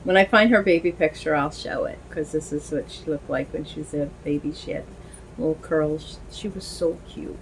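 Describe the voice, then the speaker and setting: A woman's voice: low-pitched, moderate pace, slight background noise, poor audio. A middle-aged woman chatting casually on her home video, rambling with many fillers and restarts. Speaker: vlogger. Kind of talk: casual chat while dressing a doll.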